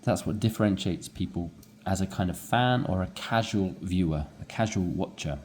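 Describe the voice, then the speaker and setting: A man's voice: sits low, normal speed, slight background noise. A man teaching English, explaining a dialogue and acting out rising inflection. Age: adult with young children. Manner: animated, demonstrates rising inflection.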